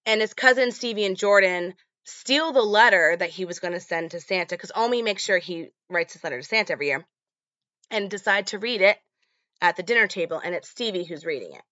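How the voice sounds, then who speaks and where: Chatty woman, bright and dry. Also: medium pitch, brisk, dry recording, highs cut off. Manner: chatty, many fillers. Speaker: podcast host. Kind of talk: casual film recap.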